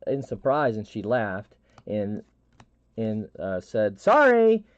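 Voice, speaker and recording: A middle-aged man hosting a live stream, telling a story in a halting, rambling way with many restarts and fillers. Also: fairly low pitch, a little mellow, no room sound, muffled recording. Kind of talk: casual storytelling chat.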